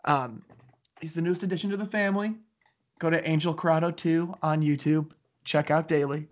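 A man's voice: on the high side, fairly even intonation, brisk. A man co-hosting a casual podcast, chatting in a laid-back, rambling way with frequent laughs. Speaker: podcast co-host. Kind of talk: casual chat. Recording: muffled lo-fi audio.

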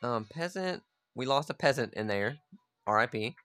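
A man's voice: mid-range voice, lively intonation, normal speed, fairly bright tone, clear, resonant tone, faint music behind. Man chatting casually over gameplay. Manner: chatty, swears freely, talks to his units. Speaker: gamer playing a strategy game.

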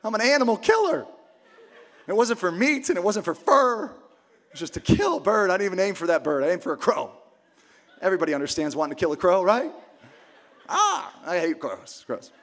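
A man preaching a sermon at a church service. He talks in a loose, conversational way and often breaks into shouting. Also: high voice, expressive, fairly quick. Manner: impassioned, conversational, bursts into shouting. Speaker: pastor.

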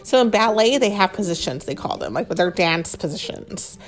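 A woman reads a storybook aloud to children and stops to ask them questions. Her voice is animated, the pitch swinging widely. Soft music plays faintly behind her. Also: moderate pace. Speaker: parent reading aloud to children. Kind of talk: bedtime-style storybook reading with chat.

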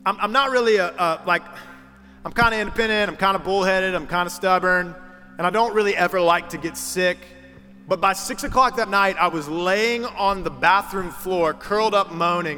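Bright-voiced man preaching in a hall. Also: high voice, moderate pace. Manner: conversational storytelling, voices quoted people. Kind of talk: sermon. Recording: reverberant hall with music underneath.

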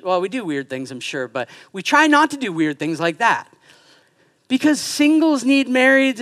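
A man in his thirties preaching a sermon in a church, animated and joking, acting out quoted voices as he goes. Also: extremely high pitch. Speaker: pastor. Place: church sanctuary.

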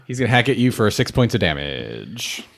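A man running a tabletop game as game master, narrating in a casual, halting way with many fillers. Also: on the low side, very animated, creaky, a bit bright.

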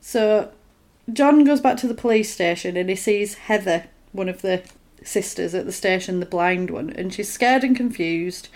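A woman in casual conversation, retelling a film's plot with animated bits of acted dialogue. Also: mid-range voice. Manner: animated retelling, acts out lines in quick put-on voices; conversational, with fillers and restarts. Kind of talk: casual film recap chat.

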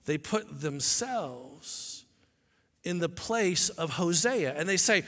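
Pastor, male, dramatic storyteller; sharp voice with a long reverb tail. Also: a little high, animated, slow. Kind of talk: sermon.

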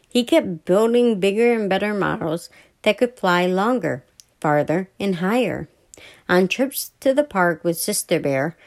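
A woman podcast host reads a children's story aloud in a soft, unhurried way. She trips over words now and then and simply corrects herself, her voice sitting in an ordinary middle range. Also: lowish voice. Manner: soft, stumbling, self-correcting reading.

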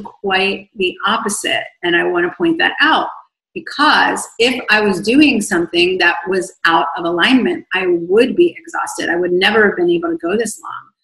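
Creaky-voiced woman with a tiring voice. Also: lowish voice, reverberant, rough recording. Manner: effusive, rambling, warm toward viewers. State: voice fading from long talking. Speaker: online coach. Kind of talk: livestream Q&A reading viewer comments.

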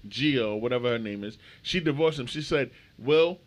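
Man, podcast co-host, animated, profane, casual chat. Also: mid-range voice, a little fast, a little hiss or hum. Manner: animated storyteller, swears freely.

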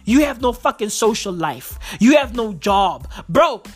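A woman vlogger in a profane comic rant, hammering her points with constant swearing and "bro." Her voice sits fairly high. Faint music runs underneath. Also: lively intonation, unhurried, breathy edge. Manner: emphatic, heavy swearing, repeated "bro".

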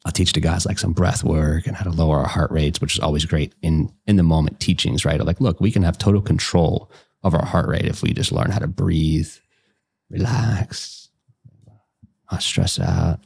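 A man's voice: low-pitched, fairly even intonation, moderate pace, gravelly, darkish tone, slightly rough. A man from West Virginia with an Appalachian accent, chatting casually as a life coach, folksy and blunt, with double negatives and swearing. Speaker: life coach and podcast guest. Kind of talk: casual conversation.

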